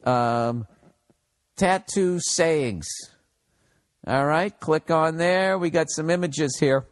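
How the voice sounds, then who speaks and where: A man's voice: on the high side, measured pace, dry recording, studio quality. A man in his forties with a Boston accent, hosting a podcast and delivering a profane, sarcastic solo rant. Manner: profane, sarcastic ranting with frequent asides. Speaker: podcast host.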